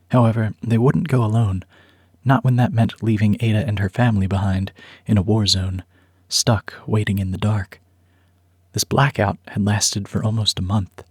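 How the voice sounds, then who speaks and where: A man narrating a story script in a measured, even storytelling manner. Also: fairly low pitch, husky, no room sound, clean studio sound.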